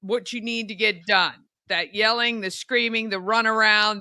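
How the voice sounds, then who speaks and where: Bright, crisp-voiced woman co-host. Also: on the high side, no echo, studio quality. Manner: chatty, quick to react and agree. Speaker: co-host of a live local morning show. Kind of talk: casual on-air chat.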